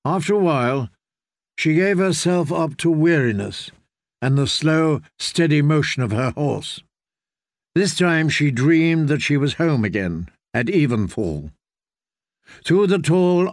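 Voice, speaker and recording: A man reading fantasy narration for an audiobook in a measured, steady way. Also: a little high, dry recording, studio quality.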